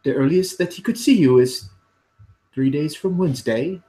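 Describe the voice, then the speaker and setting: A man's voice: on the high side, moderate pace, mellow, voice pushed up, lightly acted. A man voicing a fussy, nosy young male hobbit clerk who sounds prim and officious.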